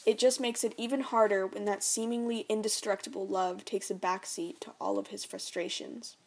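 A young woman reading her own memoir aloud in a quiet, reflective way. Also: medium pitch, steady tone, normal speed, creaky.

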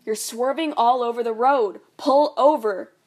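A woman's voice: on the high side, a little slow. A woman voicing a frightened mother in a first-person story, pleading and urgent. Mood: alarmed.

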